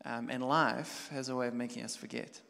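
A man preaching a sermon as a pastor, talking conversationally and building from quiet reflection to loud, animated storytelling. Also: mid-range voice, moderate pace, creaky. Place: church hall. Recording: long church hall reverb.

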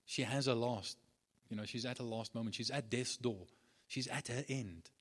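A man preaching a sermon at an ordinary middle pitch. He hammers his points through repetition and often restarts his sentences, with plenty of fillers in between. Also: moderate pace. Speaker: pastor.

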